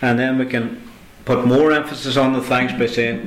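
A man teaching phrases in a casual lesson, patient and repeating each phrase slowly. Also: medium pitch, level tone, reverberant, rough recording. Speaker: Irish language teacher. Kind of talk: conversational language lesson.

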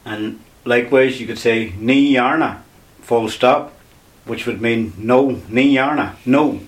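A man's voice: mid-range voice, slow pace. A man teaching a language lesson on air, explaining patiently step by step and repeating key words.

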